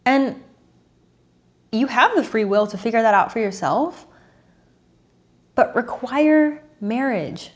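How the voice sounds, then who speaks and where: Woman in her thirties, dating coach, earnest, emotional, repeats herself, sighs, slightly high voice. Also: lively intonation, takes it slowly, long pauses. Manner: earnest, repetitive, sighing and emotional. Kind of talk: emotional monologue to camera.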